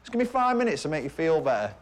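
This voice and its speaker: A man's voice: fairly high pitch, very animated, racing. A young man, coaxing and matey, swearing casually in a film scene. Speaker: friendly gang leader. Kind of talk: film drama acting.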